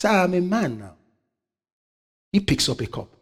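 This preacher has a husky voice with big pitch swings and talks at a normal speed. He leans on call-and-response, asking the congregation "what?" so they fill in his sentences. He alternates loud, high exhortations with low, quiet asides.

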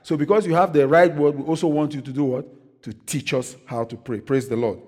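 A man's voice: fairly high pitch, fairly even intonation, brisk, darkish tone. A male pastor preaching a sermon in call-and-response style, often breaking in with "praise the Lord". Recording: long hall reverb.

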